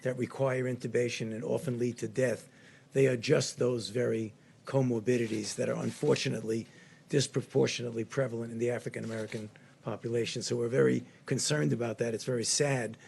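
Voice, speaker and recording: Older guy with a gravelly voice, calm clinical briefing at a podium mic, faint hiss. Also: medium pitch. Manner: measured, clinical explanation. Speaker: public health official at a briefing. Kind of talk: spoken press briefing remarks. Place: briefing room.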